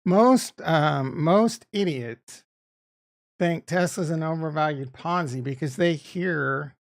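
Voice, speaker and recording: A man's voice: a little high, slow pace, creaky. A man with a Boston accent, chatting casually on a livestream, rambling and swearing as he answers chat. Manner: rambling, profane, talks back to chat. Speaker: crypto streamer reading chat.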